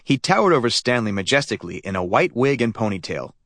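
Male audiobook narrator, animated storytelling, dry studio. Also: medium pitch, quick pace, no room sound. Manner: lively storytelling. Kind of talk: scripted narration.

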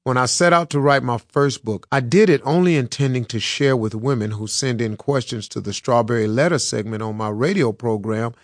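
A man's voice: medium pitch, brisk, few pauses, no room sound. Man reading his own audiobook, earnest. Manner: earnest, personal storytelling. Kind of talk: audiobook narration. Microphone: close studio mic. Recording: dry studio sound.

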